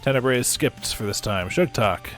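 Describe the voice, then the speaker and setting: A man's voice: medium pitch, expressive, moderate pace, a bit bright, soft background music. A man running a tabletop game as game master, describing the action casually with many restarts. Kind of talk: narrating and ruling a tabletop game.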